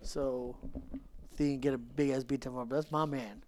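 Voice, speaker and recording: A man's voice: mid-range voice, fairly even intonation, normal speed, a little mellow, a little hiss or hum. A man co-hosting a podcast, reacting bluntly and jokingly to wrestling recaps in casual chat. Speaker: podcast co-host.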